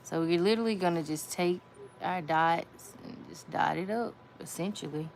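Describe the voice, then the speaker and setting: Talking her viewers through nail art, this chatty woman says y'all and repeats herself as she goes. She speaks at normal speed in a lowish, gravelly voice with a darkish tone, over faint background noise.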